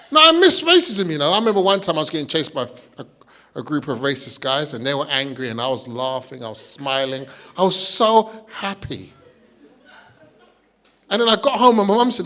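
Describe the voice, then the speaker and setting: A man doing a stand-up comedy set, deadpan setups with loud high punchlines. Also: a little fast. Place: stage before a live audience.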